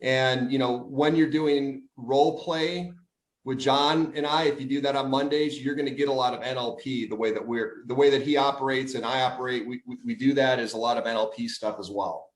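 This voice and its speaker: A man's voice: medium pitch, fairly even intonation, a little fast. Man talking sales coaching, runs little role plays, roomy echo around him. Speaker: real estate coach. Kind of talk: casual teaching chat.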